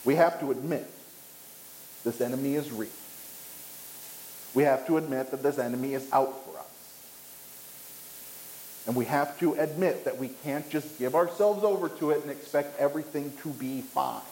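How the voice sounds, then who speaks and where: A man preaching a sermon, emphatic, with dramatic pauses and rising pitch on key points. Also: a little mellow, echoey room, slight background noise, rough recording. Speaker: pastor. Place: church.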